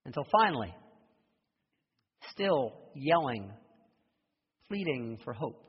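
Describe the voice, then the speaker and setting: A male pastor preaching in a husky voice, his words ringing through a long hall reverb. He builds a story with growing intensity and sinks into a hushed, prayerful tone. The sound is dull and muffled, like a sanctuary recording. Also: medium pitch, normal speed. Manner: storytelling with rising intensity and soft prayerful close. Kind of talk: sermon. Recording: dull echoey hall from far off.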